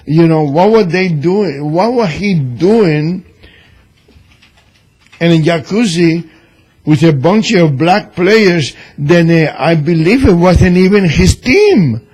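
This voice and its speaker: Man, cuban spanish accent, husky voice, slightly high, slow, opinionated radio talk. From Cuba. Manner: opinionated, animated, broken grammar. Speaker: columnist and radio guest.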